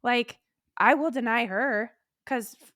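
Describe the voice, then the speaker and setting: A woman co-hosts a candid podcast chat and speaks frankly and with energy, swearing freely. Her voice sits a little high. The recording is close and dry. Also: slow, fairly bright tone, no echo. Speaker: podcast co-host. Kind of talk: candid casual conversation.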